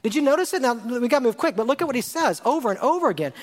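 A male pastor preaching a sermon, lively and rhetorical, repeating phrases and asking his congregation questions. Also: very high-pitched, rapid-fire. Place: church sanctuary. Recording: long hall reverb.

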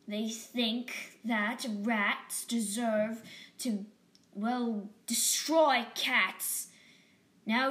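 Resolute female cat leader, read by a woman, storybook, slow and firm. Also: fairly high pitch, echoey room. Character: determined female cat leader, friend to all realms.

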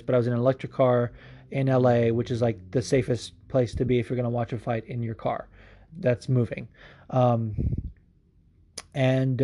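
A man with a warm, mellow tone hosts a casual podcast from home. He tells his stories with excitable energy and swears freely as he goes. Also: medium pitch. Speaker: podcast host.

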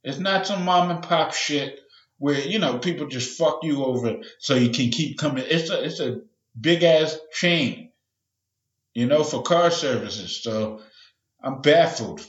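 A man's voice: a little high, measured pace, lo-fi sound. Profane man rambling in a roomy room. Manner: profane, rambling, acts out quoted voices. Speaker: podcast host. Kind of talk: casual solo rant.

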